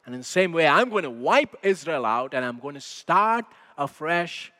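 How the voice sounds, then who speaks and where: A man's voice: fairly high pitch, very animated, moderate pace, sharp tone, in a large hall, pitched below the performer's own voice. A man preaching who voices God as fed up with a stubborn people, speaking bluntly and casually. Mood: exasperated.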